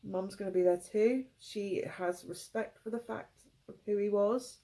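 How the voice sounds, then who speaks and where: A tearful woman reads tarot cards for her viewers. Her voice is mellow and warm, and she talks in soft, halting phrases that break off and restart as she feels her way through the reading. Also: medium pitch, rough recording. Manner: halting, emotional, gentle phrasing. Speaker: tarot reader.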